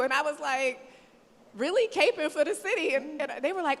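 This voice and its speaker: A woman from the American South moderating a panel discussion, animated and laughing, often acting out other people's voices. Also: high-pitched, normal speed. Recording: hall reverb, faint noise.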